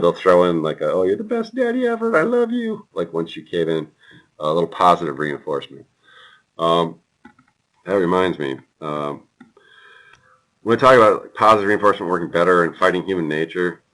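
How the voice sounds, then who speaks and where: A man lecturing a class in a relaxed, chatty way, with many fillers and personal stories. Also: sits low, rough recording. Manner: relaxed and chatty, lots of ums and anecdotes. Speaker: university lecturer.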